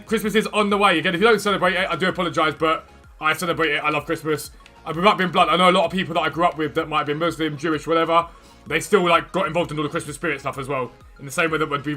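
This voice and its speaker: A man hosting a gaming livestream, chatting quickly and enthusiastically as he trades and answers questions from chat. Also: a little high, pushed and bright. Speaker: gaming streamer and video host. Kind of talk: casual livestream chat while trading in a football game. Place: room at home with a door.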